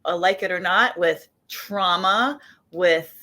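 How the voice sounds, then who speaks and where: A woman guest on a podcast, speaking in a thoughtful, measured way while she recovers from an illness. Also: on the low side, bright, forceful tone. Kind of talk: casual chat.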